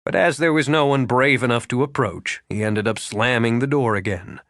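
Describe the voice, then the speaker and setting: A male narrator reads a romance audiobook in expressive, scripted storytelling. His medium-pitched voice keeps a normal speed, recorded at studio quality with no room sound.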